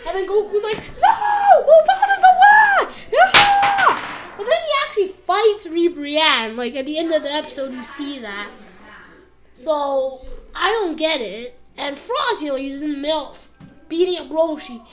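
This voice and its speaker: High-voiced woman rambling through a review. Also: expressive, dull audio, background noise. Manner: rambling, full of fillers and quick impressions. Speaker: anime episode reviewer. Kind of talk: casual video review.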